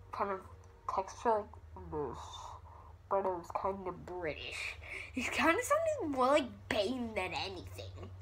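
A woman talks slowly to her camera in a loose, giggly way, poking fun at herself. Her breathy voice sits fairly high and jumps around a lot. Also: pushed and bright. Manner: rambling, giggly, self-deprecating. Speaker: vlogger. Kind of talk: casual vlog chat.

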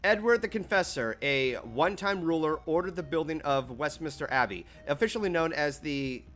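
A man's voice: a little high, lively intonation, moderate pace, fairly bright tone. A man streaming a game with friends, reading on-screen text aloud between laughs and curses. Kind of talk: casual game-stream chat.

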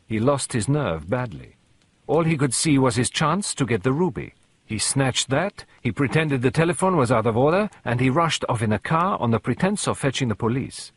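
A man's voice: medium pitch, breathy edge, dry recording. Man voicing Poirot, precise Belgian sleuth. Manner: measured, formal, sprinkled with French words. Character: shrewd elderly Belgian male detective, precise.

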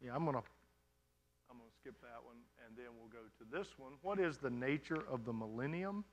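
A man's voice: mid-range voice, lively intonation, brisk, highs cut off. A male pastor answering congregation questions in a sermon, talking conversationally and often checking in with "you understand?".

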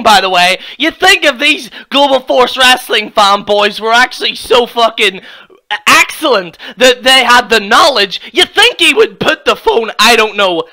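A young Irish man, a wrestling YouTuber, ranting and mocking another channel in a profane, excitable reaction video. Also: very high voice. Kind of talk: reaction rant.

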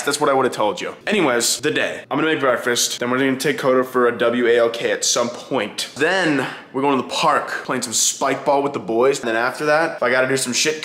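A young man chatting casually to his vlog audience at home, excitable and profane, scolding his dog. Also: medium pitch, a little fast, echoey room. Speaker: vlogger. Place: indoors, home kitchen.

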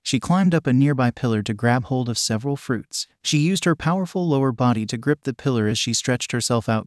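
A man reading a story as its narrator in a steady, even manner. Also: medium pitch, no room sound, clean studio sound. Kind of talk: storybook reading of fan fiction.

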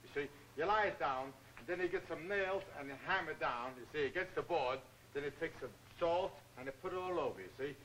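An actor playing a cheerful, dim-witted boxer who rambles earnest slangy nonsense, in 1940s film comedy acting. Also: male voice, on the high side, a little fast, a bit bright, slight background noise, close to an everyday voice, low-quality recording.

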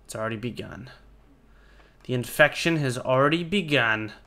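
Man, mid-pitched, live game commentary, jokey, excitable, swears a lot. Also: normal speed. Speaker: gaming video host.

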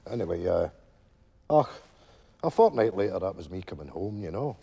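An actor playing an older widowed Glasgow pensioner with a Glaswegian Scottish accent, telling a rambling stage monologue full of "you know" asides. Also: male voice, low-pitched, very animated, moderate pace, vocal fry, dark tone, breathy edge, heavily acted. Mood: wistful storytelling. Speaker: stage character telling a story to friends.

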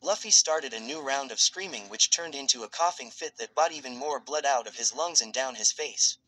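A man narrates a piece of fan fiction in a steady, even read. His voice sits in a middle pitch with a bright, forward edge. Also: moderate pace, dry recording, rough recording.

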